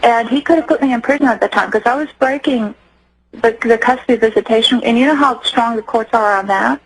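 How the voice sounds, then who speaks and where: A woman's voice: fairly high pitch, slightly rough, poor audio. A middle-aged woman telling her personal story earnestly as a radio interview guest, often stopping and restarting. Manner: earnest, acts out quoted voices, halting restarts. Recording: radio broadcast.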